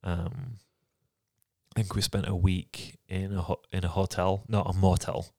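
This is a man from England with a very deep voice. He talks in a soft, reflective, halting way during a candid podcast chat. The sound is dry and close, with no room echo. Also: little pitch movement. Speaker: podcast co-host. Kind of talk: candid personal conversation.

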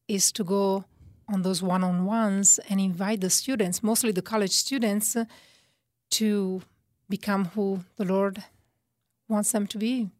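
A woman with an Italian accent, a religious sister speaking as a guest on a radio talk show about faith, reflective and measured. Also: medium pitch, no echo, studio quality.

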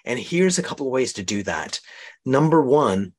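A man's voice: mid-range voice, big pitch swings, moderate pace. A man hosting an interview podcast, explaining ideas in a coaching, demonstrative way. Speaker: host.

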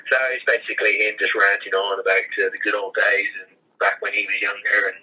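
A hoarse young man talks casually as an interview guest, rambling along in a flat, level tone. His voice is bright and husky, and it comes from well back from the mic. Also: on the low side, a little fast. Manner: easygoing, rambling with many fillers. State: hoarse throat. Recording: voice from far off the mic.

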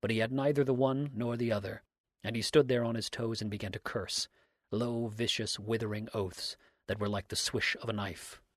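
Low-voiced man narrating a story. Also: steady tone, moderate pace, dry recording, clean studio sound. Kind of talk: audiobook narration.

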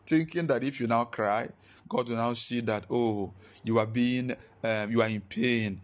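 Emphatic male preacher, middle pitch. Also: normal speed. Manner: emphatic, repetitive teaching. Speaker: pastor. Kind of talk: sermon.

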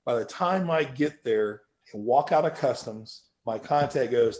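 A man telling stories as a powerlifting guest in a casual interview, animated and swearing freely. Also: medium pitch, unhurried. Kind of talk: casual storytelling.

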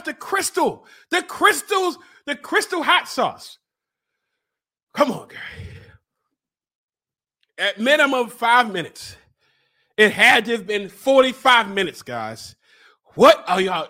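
A young man hosting his own show, joking and yelling while he sweats and burns from a hot pepper challenge. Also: high voice, big pitch swings, takes it slowly, long pauses. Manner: loud, frantic and joking, yelling and sighing between lines. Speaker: podcast host and life coach. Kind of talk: live reaction during a spicy chip challenge.

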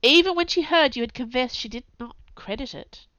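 A woman's voice: high voice, brisk, sharp tone, no room sound, lo-fi sound, pitched above the performer's own voice. A woman reading the lines of a grieving young man who is a devoted friend, in a passionate, pleading way. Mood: earnest defense.

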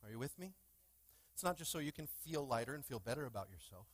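In a church sanctuary, a male pastor preaches with fervent bursts and call-and-response questions to the congregation. His medium-pitched voice is expressive and fast, with no echo.

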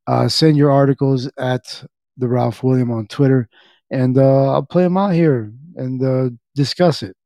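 A man's voice: medium pitch, steady tone, unhurried, creaky, warm tone, dry recording. A man hosting a podcast in casual chat, rambling with lots of fillers and joking with his chat. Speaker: podcast host. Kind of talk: casual chat reading chat and articles.

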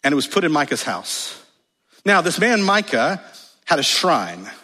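A man preaching a sermon as pastor in a church, animated and emphatic, with wry humorous asides. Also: fairly high pitch, measured pace. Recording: long reverb of a large hall.

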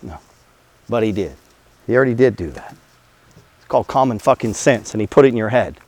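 A man's voice: on the low side, animated, fairly quick, darkish tone, no room sound. A man giving a blunt, profane motivational talk about money, full of rhetorical questions. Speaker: host.

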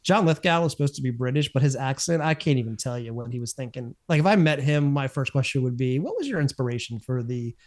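A man's voice: medium pitch, fast, few pauses. A man co-hosting a podcast, chatting casually in a rambling way, often correcting himself. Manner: rambling, self-correcting, chuckles. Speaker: podcast co-host. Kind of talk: casual chat.

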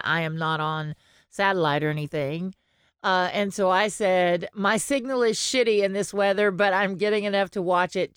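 A woman's voice: mid-range voice, clean tone, no echo, clean studio sound. A woman co-hosting a casual podcast, telling stories with lots of swearing and laughter. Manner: animated storyteller, swears freely, laughs often. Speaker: podcast co-host.

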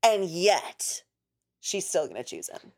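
Animated, chatty woman podcast co-host. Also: fairly low pitch, takes it slowly. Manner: animated, chatty, laughs often. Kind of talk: casual chat recapping a reality show.

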